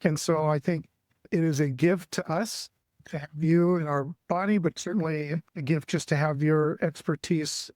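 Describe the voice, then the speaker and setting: Male host, friendly and loose, fairly high voice, dry sound. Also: fairly even intonation, normal speed, darkish tone, no echo. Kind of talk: introducing guests, casual talk.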